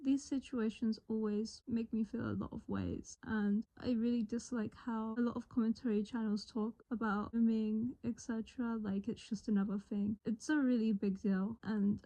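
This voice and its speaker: Earnest woman with a warm, dark voice. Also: fairly high pitch, normal speed, hardly any pauses, rough recording. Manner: usually flat tone, earnest and serious here. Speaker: commentary channel host. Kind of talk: online commentary video.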